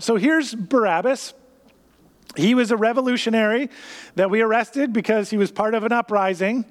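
A man preaching a sermon, acting out everyday scenes with lively, raised voices between calmer teaching. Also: high voice, moderate pace, in a large hall. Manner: animated, acts out scenes in a raised voice. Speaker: pastor.

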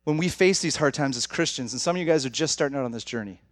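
Young pastor, male, chatty and direct with the congregation, talks fast, dry close mic. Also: mid-range voice, animated, dry recording. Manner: conversational, direct, addresses audience as guys. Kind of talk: sermon.

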